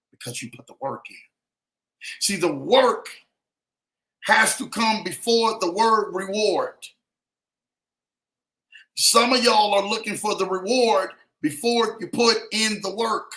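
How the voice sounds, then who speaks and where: A man's voice: on the high side, bright, forceful tone. A man hosting a motivational podcast, talking emphatically and repeating phrases for effect, with a preachy, keeping-it-real manner. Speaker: podcast host.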